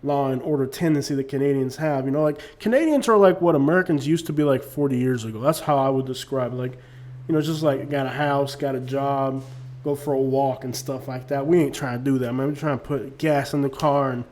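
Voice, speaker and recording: A man's voice: mid-range voice, brisk, darkish tone. A man talking casually to camera as a YouTuber, rambling with lots of fillers. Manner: rambling, many "you know what I'm saying" fillers. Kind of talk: casual opinion monologue.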